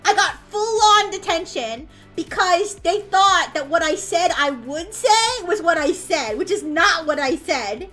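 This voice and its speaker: High bright-voiced woman streamer. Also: lively intonation, a little slow, few pauses, soft background music. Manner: rambling, swears freely, restarts often. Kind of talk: casual storytelling.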